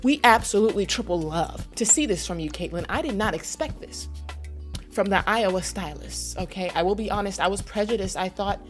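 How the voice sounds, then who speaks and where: A woman's voice: mid-range voice, a little fast, faint music behind, close to an everyday voice. A woman doing a haughty accented fashion diva. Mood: gushing. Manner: haughty, in a put-on foreign accent. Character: boastful self-proclaimed woman fashion stylist, broken English. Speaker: vlogger. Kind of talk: comedic persona sketch.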